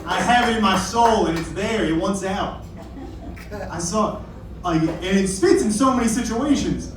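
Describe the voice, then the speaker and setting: A young man doing a stand-up set in a rambling, self-deprecating way, breaking off to apologize. His voice sits a little high. It is picked up from a distance in a very echoey room with faint noise behind. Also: a little slow. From Kentucky. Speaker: stand-up comedian. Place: comedy club stage.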